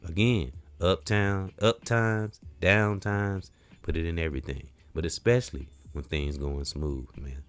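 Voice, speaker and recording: Very deep-voiced man giving a spiritual pep talk. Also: steady tone, unhurried, smooth, dry recording. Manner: rambling, preacherly, repeats phrases, swings between quiet and loud emphasis; casual slang like "real talk". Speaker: podcast host.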